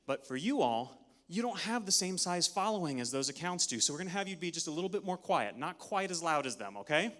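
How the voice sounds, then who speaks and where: A man giving an energetic, interactive talk at a conference, leading the audience through counts, a little out of breath. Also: on the high side, a little fast. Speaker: conference speaker. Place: large conference hall. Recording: long hall reverb.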